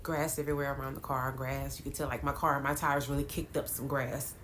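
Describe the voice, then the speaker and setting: Low-voiced woman telling a story, animated. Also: a little fast, slight background noise. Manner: animated, dramatic retelling with laughs. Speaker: vlogger. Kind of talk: casual storytelling to viewers.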